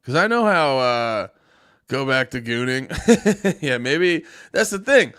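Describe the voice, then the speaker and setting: A man's voice: mid-range voice, big pitch swings, takes it slowly, pushed and bright, smooth. A man reacting to a clip on his stream, keeping it loose and jokey, swearing casually and laughing along. His voice sits in an ordinary middle range for a man. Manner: loose, joking, profane, laughs often.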